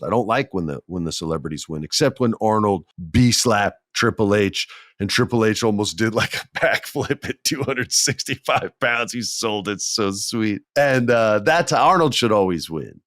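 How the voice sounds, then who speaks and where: Deep-voiced man telling animated stories. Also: no room sound, clean studio sound. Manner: animated, acts out quotes with big jumps in pitch, laughs often. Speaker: podcast host. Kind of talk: casual storytelling.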